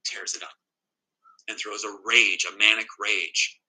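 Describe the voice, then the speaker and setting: A man's voice: lowish voice, level tone, a little slow, pushed and bright, breathy edge, rough recording. A man telling an interviewer an emotional personal account, agitated and emphatic, often repeating himself. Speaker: interview guest.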